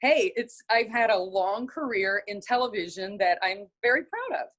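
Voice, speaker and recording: Here a television writer and presenter, a middle-aged woman from North Carolina with a Southern drawl, spins stories in a relaxed interview. Her pitch is medium and her pace moderate, and she performs the voices of those she quotes with lively animation.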